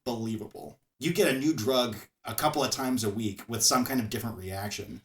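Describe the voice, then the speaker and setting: A man co-hosting a podcast, chatting casually in an animated way, laughing often and restarting his phrases. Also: medium pitch, fairly quick, creaky, echoey room. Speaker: podcast co-host. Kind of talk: casual chat.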